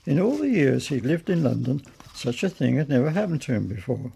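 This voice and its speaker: Gravelly older man reading a story. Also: mid-range voice, sing-song, a little fast, warm tone, a little hiss or hum. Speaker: author reading his own story.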